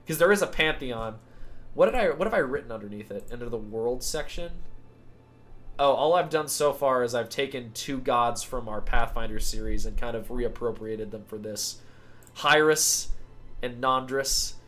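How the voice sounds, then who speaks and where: A man's voice: mid-range voice, moderate pace, fairly bright tone. A young American man chatting casually about a story he is writing. He rambles, fills his talk with "like", and mocks himself now and then. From United States. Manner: rambling, heavy use of "like", self-mocking asides. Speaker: writer describing his novel. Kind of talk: casual chat.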